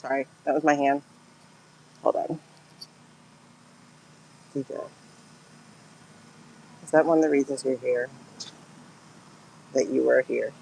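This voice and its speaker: Emotional woman with a gravelly voice. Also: extremely low pitch, steady tone, slow, pauses often, a little mellow, slight background noise, poor audio. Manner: emotional, exclaiming, talks to viewers as "girl". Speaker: tarot and pendulum reader. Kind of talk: livestream spiritual reading.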